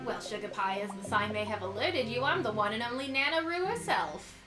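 A woman's voice: on the high side, animated, brisk, lightly acted. A woman voicing a brassy old grandma who runs an antique shop, in a put-on New York accent and folksy manner full of pet names. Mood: sassy. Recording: echoey room with music behind.

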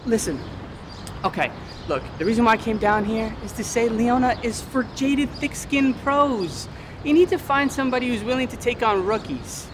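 An actor playing a sassy office assistant. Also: male voice, extremely high pitch, expressive, moderate pace, background noise. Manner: sassy, chatty, calls people honey and girl. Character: overly helpful, sassy male office assistant. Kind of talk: comedy web series acting.

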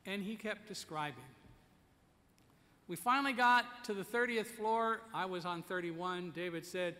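Male keynote storyteller, high and bright, direct and commanding, reverberant hall. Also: moderate pace. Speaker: keynote speaker. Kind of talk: storytelling speech to an audience. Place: conference hall. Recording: echoey conference hall.

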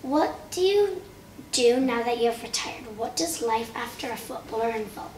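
High-ish voiced schoolgirl reading interview questions, short polite answers, echoey and far from mic. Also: expressive, moderate pace, darkish tone. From Ireland. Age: young. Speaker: student interviewer. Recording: roomy, from far off, faint noise.

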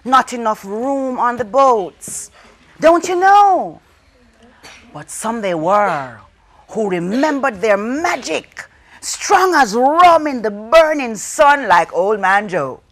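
A woman telling a folk tale to children, dramatic, with call-and-response and hushed whispers. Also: fairly high pitch, animated, slow pace. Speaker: storyteller. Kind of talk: storytelling for children.

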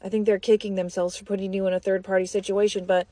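A young woman doing a tarot reading in a loose, chatty monologue. Her pitch sits at an ordinary middle level for a woman. She is blunt and peppers her talk with fillers and the occasional swear. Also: level tone, fast talker, mellow, dry recording. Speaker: tarot reader.

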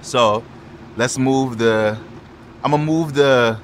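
A man giving loud, profane, excitable commentary over his car game, with quick shouted outbursts. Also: medium pitch. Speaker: gaming YouTuber. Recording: noisy game audio behind the voice.

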